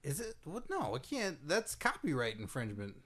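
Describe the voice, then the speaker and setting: A man's voice: a little high, wildly swooping pitch, normal speed, fairly bright tone. A man co-hosting a podcast, chatting casually in a joking, easygoing way. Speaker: podcast co-host. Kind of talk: casual chat.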